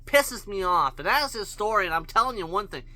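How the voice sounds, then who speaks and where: A man's voice: sits high, animated, a little fast, pushed and bright. A man, ranting angrily and bluntly, with plenty of swearing, in a solo video. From Canada. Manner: angry, blunt, profane ranting. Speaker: vlogger. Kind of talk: solo rant to camera.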